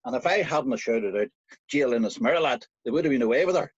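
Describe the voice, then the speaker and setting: A man's voice: mid-range voice, animated, quick pace, slightly rough, no echo, lo-fi sound. Man doing an uneasy bachelor. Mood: explaining.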